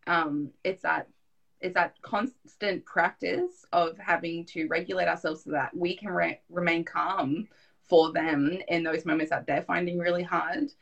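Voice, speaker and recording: Gravelly-voiced woman host. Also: fairly low pitch, fairly even intonation, unhurried, highs cut off. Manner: supportive, agreeing, thoughtful. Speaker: host of online parenting event. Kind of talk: casual interview chat.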